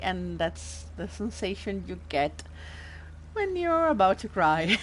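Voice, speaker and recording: A woman's voice: mid-range voice, big pitch swings, slow, slight background noise. A young woman with an Italian accent, host of a let's play, commenting on a game in an emotional, rambling way and swearing. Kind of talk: casual gameplay commentary.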